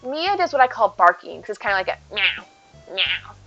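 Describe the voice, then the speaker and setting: A woman's voice: medium pitch, big pitch swings, fast, fairly bright tone, lo-fi sound, faint music behind. A woman streamer chatting casually with her viewers while playing, talking sweetly about her cat. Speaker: live streamer. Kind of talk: casual live-stream chat while gaming.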